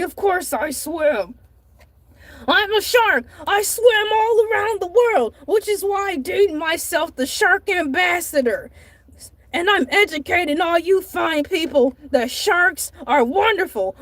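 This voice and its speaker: A woman's voice: animated, unhurried, fairly bright tone, dry recording, exaggerated voice. A woman voicing a boastful shark man who runs his own comedic vlog, rambling and giggly. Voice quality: very high, squeaky put-on voice.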